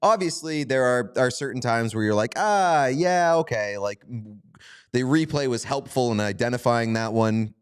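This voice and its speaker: A man co-hosting a casual hockey podcast, playful and quick to laugh. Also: mid-range voice, clear, resonant tone. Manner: laughs often, animated and playful. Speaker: podcast co-host.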